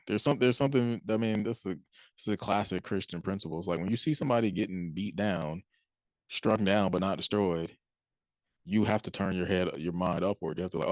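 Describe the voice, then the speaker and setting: Man, deep low voice, casual faith talk, dry close sound, playful quoted reactions. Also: fast, no echo. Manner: conversational, acts out quoted reactions, chuckles often. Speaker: Christian speaker.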